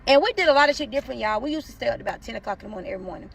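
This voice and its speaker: A woman telling a personal story in casual storytime style, profane and animated, acting out the quotes. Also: fairly high pitch, rapid-fire, creaky, a little hiss or hum.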